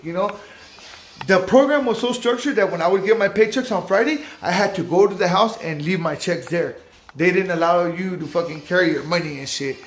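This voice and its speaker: A man recounts his own story in loose, swearing street slang, his voice sitting a little high for a man. He sounds like he is in a roomy, echoey space, with a faint hiss of noise behind him. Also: fairly quick. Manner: profane street slang, lively retelling. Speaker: vlogger recounting a recovery-home stay. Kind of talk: casual storytelling to camera.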